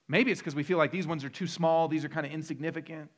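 Middle-aged pastor guy preaching, slightly high voice, chatty and jokey, builds up with repeated lines. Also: fairly even intonation, fast. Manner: conversational, joking, rising to emphatic repetition. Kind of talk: sermon.

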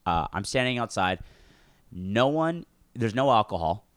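A man telling a story in a casual podcast chat, animated and swearing, acting out what others said. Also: fairly low pitch, unhurried, no room sound. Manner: animated, swearing, acts out quotes. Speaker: podcast co-host.

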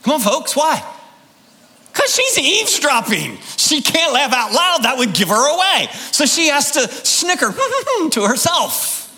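A man preaching a sermon, emphatic and deliberate, firing rhetorical questions at his congregation. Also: very high-pitched, big pitch swings, sharp tone. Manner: drawn-out, deliberate delivery with pauses. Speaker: pastor.

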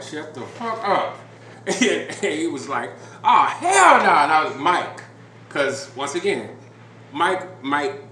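A man hosting a podcast, telling a story in a relaxed, rambling way with lots of fillers and restarts. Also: mid-range voice. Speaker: podcast host. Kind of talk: casual storytelling chat. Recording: roomy with background noise.

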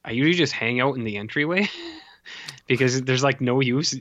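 A man's voice: mid-range voice, normal speed, a bit bright. A man co-hosting a casual chat, rambling and joking with many fillers. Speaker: podcast co-host. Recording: dull lo-fi dry recording.

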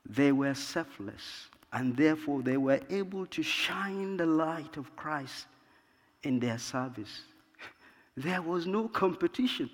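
A man preaching in a slow, deliberate cadence, stopping often to cite scripture verses. His voice sits a little high for a man. A long reverb from a large church hall trails behind every phrase. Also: lively intonation. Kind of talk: sermon.

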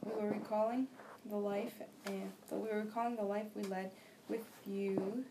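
A young woman reading a novel aloud for a class discussion, steady and plain, with small slips and restarts. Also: medium pitch, normal speed. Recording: faint background noise.

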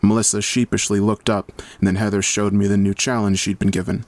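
Male horror narrator, lower voice, dry close sound, measured delivery. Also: little pitch movement, a little mellow, no room sound. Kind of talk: scripted horror story narration.

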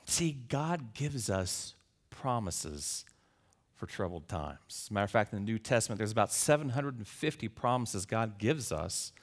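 A male pastor preaching a sermon, telling stories in an earnest way that builds to emphatic peaks. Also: medium pitch.

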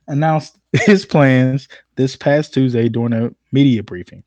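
A man's voice: medium pitch, a little slow, hardly any pauses, a little mellow, no room sound. A man hosting a casual podcast, reading news stories and arguing playfully with mock seriousness. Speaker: podcast host.

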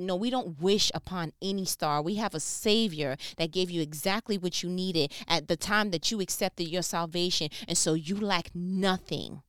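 Woman, preacher, sermon, low smooth voice, animated conversational delivery, dry close sound. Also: no echo. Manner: animated, conversational preaching with bursts of laughter and loud exclamations.

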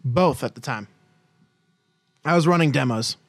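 A man's voice: medium pitch, measured pace, no room sound, clean studio sound. A young man co-hosting a casual movie review podcast, rambling, profane and self-mocking. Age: young adult. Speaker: podcast co-host.

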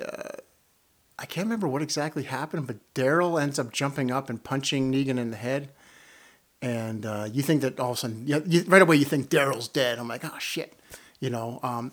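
A man giving a casual, rambling review of a TV episode, chuckling as he retells the scenes. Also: mid-range voice. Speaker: TV show reviewer. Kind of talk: casual spoken review and rant.

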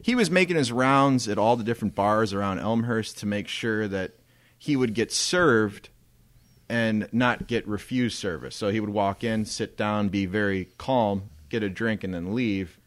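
A man's voice: lowish voice, measured pace, no room sound. A man telling a story in a casual podcast chat, swearing freely and laughing often. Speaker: podcast co-host.

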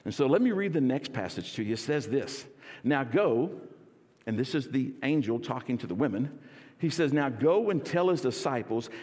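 Energetic pastor in a reverberant church. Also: male voice, medium pitch, breathy edge. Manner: energetic, leads congregation in call and response. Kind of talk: sermon. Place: church sanctuary.

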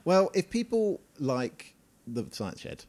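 A British man co-hosting a podcast, chatting casually in a brisk, teasing way. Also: a little high, wildly swooping pitch, darkish tone. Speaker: podcast co-host, chemist. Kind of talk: casual chat.

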